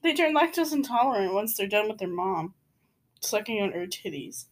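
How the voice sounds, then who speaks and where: A woman in casual chat with a friend, teasing and giggly and quick to argue back. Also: mid-range voice. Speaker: friend in conversation.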